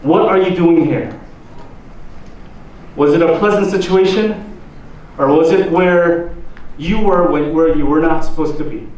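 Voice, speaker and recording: A pastor with a Korean accent giving a slow sermon, asking the congregation drawn-out questions. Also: male voice, on the high side, darkish tone. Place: church hall. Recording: roomy echo, distant mic, faint noise.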